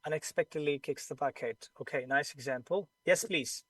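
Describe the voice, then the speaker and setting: A man's voice: fairly high pitch, moderate pace, slightly rough, no echo. A man teaching English pronunciation in an online class, with a Pakistani English accent, explaining patiently and repeating the sounds he teaches.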